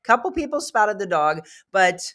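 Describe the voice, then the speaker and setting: Brief: female talk show host, lively storyteller, middle pitch. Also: moderate pace. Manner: animated storyteller, laughs often. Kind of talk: live talk show chat.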